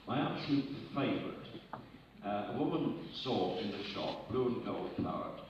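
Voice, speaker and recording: A man, telling jokes on stage with brisk asides. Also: fairly low pitch, big pitch swings. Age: 80s. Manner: brisk anecdotal delivery with quick asides. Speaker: comedian. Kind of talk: live stand-up joke telling. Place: arts centre auditorium on stage. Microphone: distant audience recording. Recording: distant echoey hall recording, dull and noisy.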